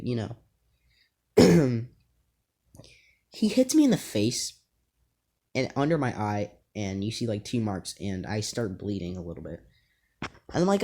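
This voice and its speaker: A man's voice: mid-range voice, mellow. A young male YouTuber casually telling school stories to camera, rambling with lots of fillers and an amused tone.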